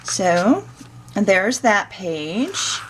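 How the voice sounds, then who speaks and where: A woman's voice: medium pitch, very animated, extremely slow, a little hiss or hum. A woman, chatting casually as she shows off a handmade scrapbook, folksy and searching for words as she goes. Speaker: crafter showing her scrapbook. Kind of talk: casual show-and-tell walkthrough.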